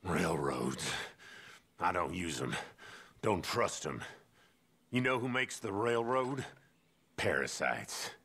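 An actor voicing a gruff, menacing male outlaw quest-giver in a video game, with slow, contemptuous speech. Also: sits low, sing-song, pushed and bright, heavily acted. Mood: scornful.

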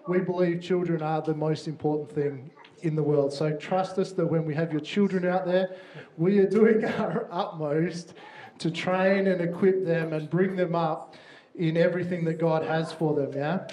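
A man's voice: fairly high pitch, steady tone, normal speed, a little mellow. A man serving as children's minister, speaking upbeat to parents and kids in church and often checking in with "yeah?". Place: church hall. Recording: roomy hall with faint noise.

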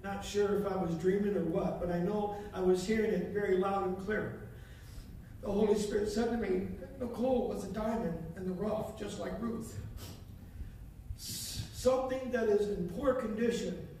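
High-pitched preacher guy, fervent sermon, repeats stuff for emphasis, sounds far off in a super echoey church. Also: darkish tone, slight background noise. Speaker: pastor. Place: church sanctuary.

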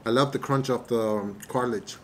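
Relaxed man reviewing food while eating. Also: medium pitch, slight background noise. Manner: relaxed, hesitant with many fillers, chewing pauses. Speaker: mukbang vlogger. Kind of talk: casual eating review to camera. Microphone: camera mic at table distance.

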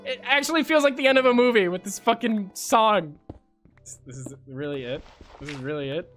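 A young adult woman streamer giving casual gameplay commentary, excitable, swearing and breaking into shrieks. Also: mid-range voice, fairly quick, soft background music. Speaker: game streamer.

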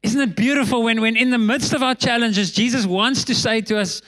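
A man, a pastor telling a story in a sermon, animated and laughing between lines. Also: a little fast. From South Africa. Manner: animated, laughs between lines, drops voice low for tense moments.

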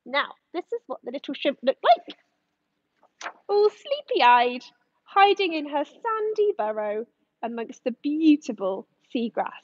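A woman educator reading a rhyming story aloud to children, in an expressive sing-song manner. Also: high voice, unhurried, dry recording, lo-fi sound.

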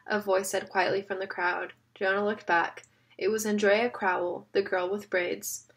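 A woman narrating a novel in a steady storytelling manner. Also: medium pitch, moderate pace, breathy edge. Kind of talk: audiobook reading.

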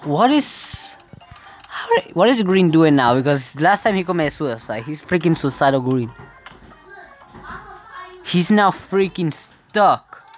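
A woman narrates her gameplay in a casual, unhurried way, her pitch leaping around as she cries out in frustration and laughs. Her voice sits a little low, and faint game music plays behind her. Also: big pitch swings. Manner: exclaims and laughs often, frustrated outbursts. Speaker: gaming video creator.

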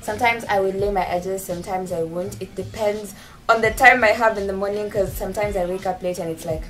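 A woman's voice: mid-range voice, moderate pace. A young woman vlogging casually from home, chatty and self-mocking, laughing often as she talks to her camera. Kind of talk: casual vlog chat. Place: home bathroom. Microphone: camera set nearby. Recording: clear background music under the voice. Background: background music.

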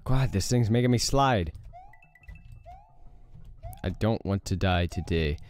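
Expressive young man, gaming commentary. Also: on the low side, slow pace, soft background music. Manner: reactive, exclaims and groans at the game, swears. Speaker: gaming YouTuber. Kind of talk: casual let's play commentary.

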